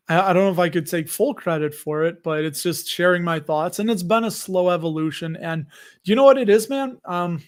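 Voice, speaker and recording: High-pitched chicago dude rambling on a live stream, laughs a lot, super casual. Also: male voice. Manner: chatty, laughs often, loose and joking. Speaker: host of a live investing stream. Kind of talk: casual live-stream chat reading comments.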